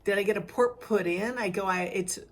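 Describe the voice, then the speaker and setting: A woman's voice: mid-range voice, a little fast. A middle-aged woman telling a frustrating story in a casual vlog. She is worn out from crying and acts out the other people's lines as she goes. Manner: animated, acts out others' lines in quoted voices. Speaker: vlogger sharing her cancer journey.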